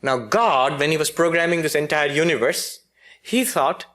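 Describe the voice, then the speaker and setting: Male spiritual teacher, lecturing, fairly high voice, humorous storyteller, restarts sentences. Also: moderate pace, pushed and bright. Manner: storytelling with humor and frequent self-corrections. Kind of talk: philosophy lecture.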